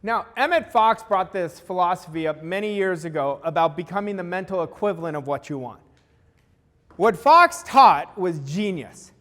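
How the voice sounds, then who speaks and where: A man with a strikingly high voice coaches an audience in a motivational talk. He drives his points home by saying them twice, with plain emphasis. His voice trails off into a long hall reverb. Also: expressive, normal speed, fairly bright tone. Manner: emphatic, repeats key lines for weight.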